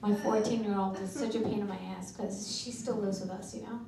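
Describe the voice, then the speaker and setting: A woman's voice: medium pitch, a little fast. Brash woman comic in echoey club. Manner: deadpan, brash one-liners. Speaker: stand-up comedian. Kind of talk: stand-up routine. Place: comedy club. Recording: echoey club from far off with noise.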